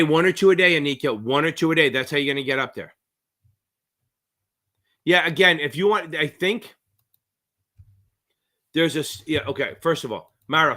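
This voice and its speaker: A middle-aged man with a New Jersey accent, tutoring on a live-stream Q&A in a rambling, profane, excitable way. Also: on the high side. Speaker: exam prep tutor.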